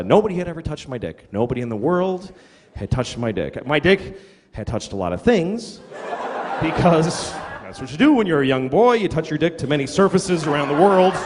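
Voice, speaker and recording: A middle-aged man doing stand-up, his voice lively and sitting a little high as he spins crude, self-deprecating tales. It comes through a big room with a long echo. Clear crowd noise fills the space behind him. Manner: crude, self-deprecating storytelling with acted quotes. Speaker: stand-up comedian. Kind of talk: stand-up comedy set. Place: comedy venue stage. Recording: reverberant hall with audience noise. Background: audience laughter.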